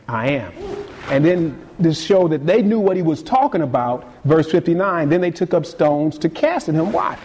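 Pastor, male, fairly high voice; dynamic conversational preaching, quiet lows to emphatic peaks. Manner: casual conversational delivery with repeated words. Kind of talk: sermon.

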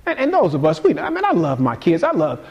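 A man preaching a sermon in a casual, conversational way, swinging between quiet passages and sudden emphatic peaks. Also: fairly high pitch, huge pitch swings, fast talker, highs cut off. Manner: casual conversational delivery with repeated words. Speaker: pastor.

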